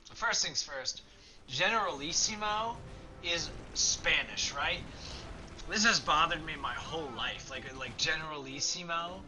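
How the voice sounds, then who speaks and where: A man's voice: a little high, lively intonation, a little slow, sharp tone, slight background noise. A young man hosting a let's play, chatting casually and rambling through history with lots of fillers. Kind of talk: casual gameplay commentary.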